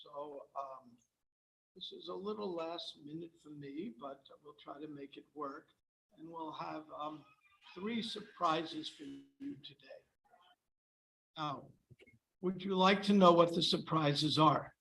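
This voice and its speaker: A man with a slightly high, gravelly voice leads a scripture class. His tone is loose and chatty, full of pauses and fillers, and he slips in dry sarcastic jokes. He talks to the room as if to friends. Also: a bit bright, poor audio. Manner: joking, dryly sarcastic. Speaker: class speaker.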